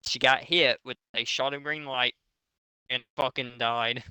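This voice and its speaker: A man's voice: mid-range voice, steady tone, measured pace, pushed and bright, clear, resonant tone, no echo. A man doing a mocking comedic reading of a bad fanfic aloud to friends, swearing often. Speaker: reader of a fanfic.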